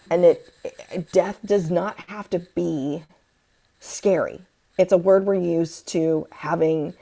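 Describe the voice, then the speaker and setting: A woman with a low, gravelly voice hosts a casual spiritual chat. She talks with passion, swears freely and acts out her inner voices. Her tone is mellow and dark. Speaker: podcast host.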